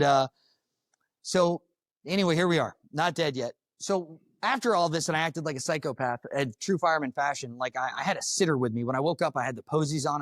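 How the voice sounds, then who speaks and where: Fast-talking, profane male firefighter. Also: medium pitch, fairly bright tone, no room sound. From Florida. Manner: casual, profane, blunt storytelling. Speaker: firefighter giving a talk. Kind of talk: personal story told to a live audience. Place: conference room.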